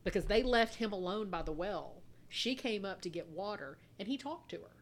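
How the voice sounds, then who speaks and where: A woman co-hosts a casual podcast at an everyday mid pitch. She talks in an animated way, laughs often and swears freely. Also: moderate pace. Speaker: podcast co-host. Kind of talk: casual chat.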